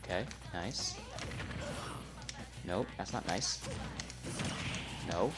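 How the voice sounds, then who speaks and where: A man giving live gameplay commentary, trash-talking the opponent and muttering between loud outbursts. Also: fairly low pitch, normal speed, long pauses. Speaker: gamer. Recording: loud game music behind voice. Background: fighting game music and effects.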